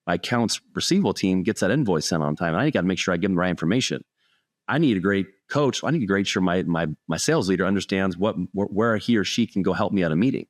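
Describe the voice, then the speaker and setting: A middle-aged man, a sales speaker, telling a personal story in an earnest, animated way during an interview. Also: deep voice, no echo, clean studio sound.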